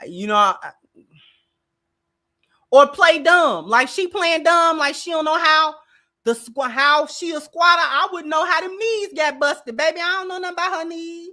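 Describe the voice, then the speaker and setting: A woman's voice: very high-pitched, measured pace, bright, forceful tone. A woman hosting a commentary channel, reacting in a sassy, emphatic way and calling people baby.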